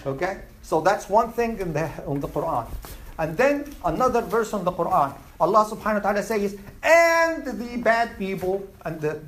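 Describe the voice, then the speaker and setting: A religious teacher giving a classroom lecture, animated and quizzing the students as they go. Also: mid-range voice, normal speed. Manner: animated, asks the class questions.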